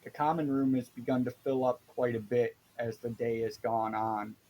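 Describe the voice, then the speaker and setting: A man narrating as dungeon master of a tabletop game, in a slow, even way. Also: mid-range voice, slight background noise, low-quality recording.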